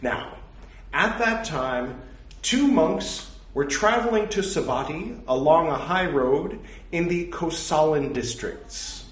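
Slow, lively-pitched man reading scripture. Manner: reads quotation marks and parentheses aloud, joking asides. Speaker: scripture reader. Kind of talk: reading a religious text with casual asides. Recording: echoey room.

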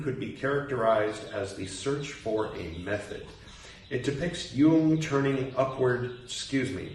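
A man reads slowly in a low voice and keeps stopping to ask questions about the text. He sits back from the mic in a very echoey room. Faint noise hums behind him. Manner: reads aloud, stops to muse and question. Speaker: reader and commentator. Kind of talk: casual reading with commentary. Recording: roomy echo, distant mic, faint noise.

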